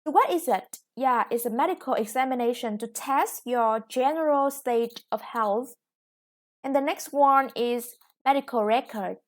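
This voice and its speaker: A woman's voice: high-pitched, a little slow. A woman with a Vietnamese accent teaching an online English lesson, explaining step by step with frequent "yeah" and "okay".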